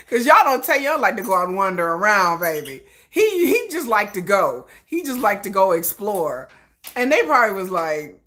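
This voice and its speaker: A woman's voice: mid-range voice, very animated, normal speed, pushed and bright. A woman hosting a casual livestream, chatting and laughing often and greeting viewers in the chat. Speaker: livestream host.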